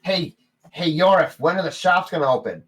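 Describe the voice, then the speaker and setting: A man voicing a sharp-tongued female gnome innkeeper who scolds her partner. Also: on the high side, expressive, normal speed, pitched above the performer's own voice, rough recording. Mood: snappy. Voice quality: snappy, scolding.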